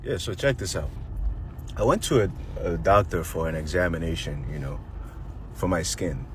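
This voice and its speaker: A man's voice: low-pitched, normal speed, slight background noise. A young man from Nigeria, casually and animatedly retelling a personal story with quoted reactions.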